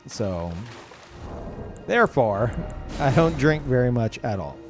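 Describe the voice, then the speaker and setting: A man's voice: medium pitch, very animated, takes it slowly, soft background music. Rambling, profane male streamer. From Louisiana, US. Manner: rambling, profane, many restarts. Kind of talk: casual live-stream chat.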